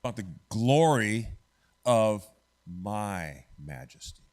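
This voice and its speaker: A man's voice: on the low side, big pitch swings, takes it slowly, a little mellow. A man teaching an adult church Bible study class in a church classroom, conversational and often quizzing the class with "right?".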